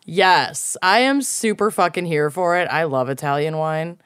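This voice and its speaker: A woman's voice: deep voice, lively intonation, moderate pace, clear, resonant tone, dry recording, studio quality. A woman co-hosting a casual podcast, dramatic and profane, with bursts of laughter. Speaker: podcast co-host. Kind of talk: casual chat.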